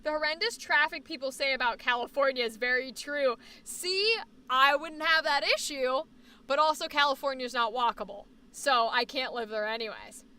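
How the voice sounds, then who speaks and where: This young woman's voice is high and smooth, with a faint Boston accent from being born there and raised near the New Hampshire border. As a livestream host, she chats casually about where she likes to live while reading viewer comments. Her delivery is lively, coming in quick bursts that tail off into fillers.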